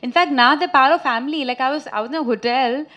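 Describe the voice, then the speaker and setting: A woman in her thirties from India, an actress chatting with reporters at a press meet, telling lively anecdotes and laughing often. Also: high-pitched, quick pace, muffled recording. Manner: chatty, laughing, animated storytelling.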